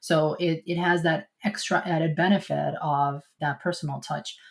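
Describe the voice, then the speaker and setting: A woman's voice: sits low, steady tone, measured pace, vocal fry. A woman hosting a podcast interview, summarizing points and asking probing follow-up questions. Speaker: podcast host.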